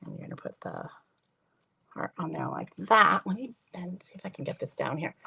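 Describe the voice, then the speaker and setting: A woman's voice: on the low side, expressive, normal speed, gravelly, pushed and bright, husky. A woman hosting a live craft stream from her home craft room, chatting to viewers by name while she works. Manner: chatty, laughs often, talks to viewers by name. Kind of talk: casual live craft demo chat.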